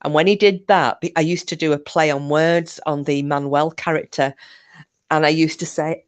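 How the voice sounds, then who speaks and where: A woman's voice: low-pitched, steady tone, brisk. A middle-aged woman, chatting casually to her live stream viewers in a rambling way with frequent laughs.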